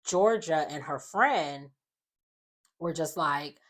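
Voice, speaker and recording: A woman with a low-pitched voice and slow pace casually recaps a reality show. She tells it in an animated, sassy way, dropping slangy asides.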